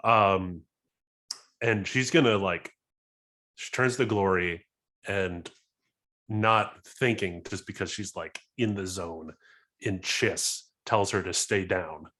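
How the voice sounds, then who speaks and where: Low-voiced man describing his character's move. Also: slow pace, long pauses, sharp tone. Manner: rambling, filler-heavy. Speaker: player. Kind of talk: casual tabletop play.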